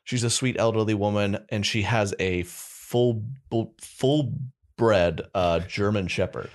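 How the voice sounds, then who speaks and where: A young man co-hosting a podcast, chatting casually and telling funny stories, often breaking into high squeaky voices when he quotes people. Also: takes it slowly. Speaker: podcast co-host. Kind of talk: casual comedic chat.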